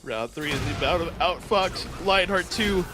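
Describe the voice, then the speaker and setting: A man's voice: high-pitched, lively intonation, moderate pace. Hyped young man commentating over music. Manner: hyped, casual, says bro and dude. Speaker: esports commentator. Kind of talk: fighting game play-by-play commentary. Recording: strong music bed behind.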